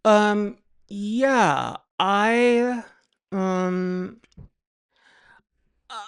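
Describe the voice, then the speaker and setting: A guest on a casual podcast interview, speaking haltingly with many restarts and wry, deadpan humor. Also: mid-range voice, clear, resonant tone. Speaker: podcast guest, writer and psychotherapist.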